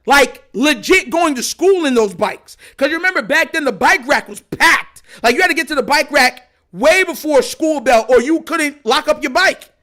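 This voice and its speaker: Livestream host, man in his 30s, very high voice, animated and slangy. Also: normal speed, few pauses. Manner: animated, slangy, talks to chat. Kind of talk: casual livestream storytelling.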